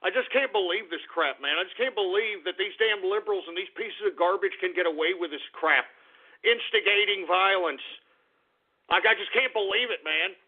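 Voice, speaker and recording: Male talk radio host, fired-up swearing rant, high voice, thin lo-fi line. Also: normal speed, breathy edge. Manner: agitated, swearing, stammering. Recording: phone-like lo-fi radio audio.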